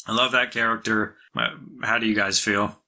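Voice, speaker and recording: A man's voice: on the low side, level tone, normal speed, sharp tone. A man co-hosting a podcast, chatting casually and rambling with lots of restarts and fillers. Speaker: podcast co-host. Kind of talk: casual chat.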